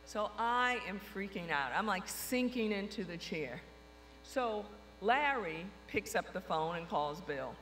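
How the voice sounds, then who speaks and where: A woman telling a lively anecdote, acting out the dialogue with frequent quotes. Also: mid-range voice, a little slow. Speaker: storyteller recounting her career. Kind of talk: anecdotal storytelling to an audience. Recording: long reverb hall with faint mains hum.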